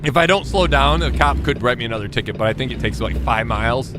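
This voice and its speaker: A man streaming a trucking game, chatting casually and joking with his viewers, now and then jumping into high squeaky exclamations. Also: expressive, fast, over music. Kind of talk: casual live-stream chat while gaming.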